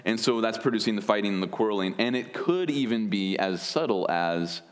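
A man's voice: fairly low pitch, animated, fairly quick. A man preaching an earnest expository sermon, explaining word meanings with wry asides. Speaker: pastor.

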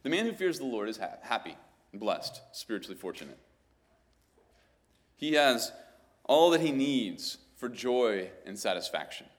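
A man's voice: medium pitch, a bit bright. A man preaching a sermon, teaching through scripture verses and building up to emphatic, exclaimed points.

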